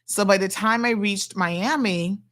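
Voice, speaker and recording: A middle-aged woman, hosting a talk show and telling a story in a chatty, animated way. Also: medium pitch, measured pace. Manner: chatty and animated, acting out quoted people. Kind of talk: casual storytelling monologue.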